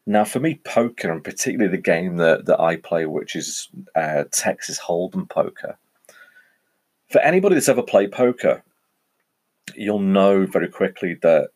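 Deep-voiced man with a Northwest English accent. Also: a little mellow. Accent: Northwest English, Cheshire and Welsh-border mix. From England. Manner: rambling, chatty, frequent self-corrections. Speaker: podcast host. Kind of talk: casual solo podcast monologue.

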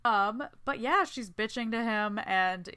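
Bright, smooth-voiced young woman podcaster. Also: fairly high pitch, a little slow, dry recording, studio quality. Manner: chatty, swearing, acts out quotes. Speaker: podcast co-host. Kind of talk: casual recap chat.

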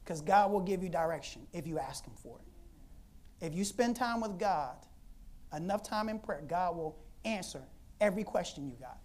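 A woman preacher telling a Bible story in an animated, conversational sermon, laughing often. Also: fairly low pitch, moderate pace.

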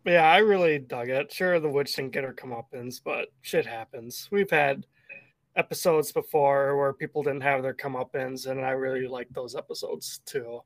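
A man co-hosting a podcast in relaxed, rambling casual chat, often correcting himself mid-sentence. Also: medium pitch, normal speed, no echo. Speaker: podcast co-host.

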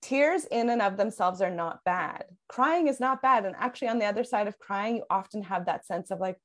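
Earnest woman explaining parenting calmly. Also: mid-range voice, fairly quick. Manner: earnest, explanatory, with frequent fillers and restarts. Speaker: parenting coach. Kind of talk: casual podcast conversation.

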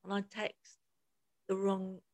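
A woman's voice: medium pitch, slow pace. A woman co-hosting a podcast, telling stories in a casual chat with frequent laughter and acted-out quotes. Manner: animated, laughs often, acts out quotes. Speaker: podcast co-host.

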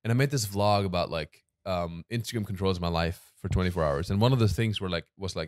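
A man's voice: low voice, quick pace, few pauses, no room sound. A man from Germany hosting a casual podcast interview, telling stories animatedly and laughing often. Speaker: podcast host.

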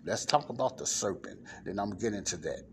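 Low-voiced man teaching scripture. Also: lively intonation, brisk, a bit bright, a little hiss or hum. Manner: conversational, often checks in with "okay?". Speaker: Bible teacher. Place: non-soundproof spot in a library.

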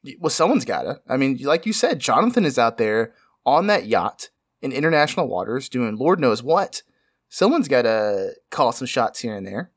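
A man's voice: very animated, moderate pace, slightly rough, no echo, studio quality. A man hosting an improvised comedy podcast over a video call with a headset, skeptical and teasing. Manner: skeptical, teasing, with big pitch swings.

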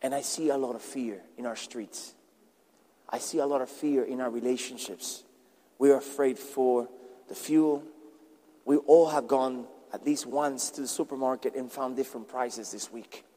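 A pastor preaching a sermon emphatically, repeating words for stress. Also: male voice, mid-range voice, fairly even intonation, normal speed, dark tone. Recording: long reverb in a large hall.

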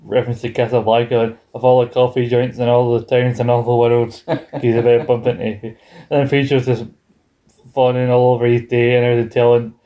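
A man's voice: mid-range voice, fairly quick. A man co-hosting a podcast, chatting casually and animatedly as he recaps a sitcom episode and acts out quotes. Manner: animated, reads out scene quotes in put-on voices. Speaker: podcast co-host.

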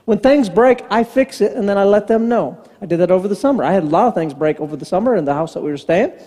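A man's voice: high voice, expressive, quick pace, warm tone. A man preaching a sermon as pastor, telling stories and acting out the dialogue in them. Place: church sanctuary. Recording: long church hall reverb.

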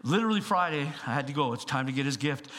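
A man preaching as pastor in a church, telling stories with animated swings between hushed asides and loud bursts. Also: medium pitch, fast talker. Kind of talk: sermon.

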